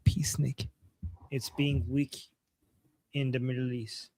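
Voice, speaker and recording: A man's voice: mid-range voice, level tone, slow, a little mellow. A man co-hosting a casual livestream, giving blunt political opinions with frequent restarts. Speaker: political commentary co-host.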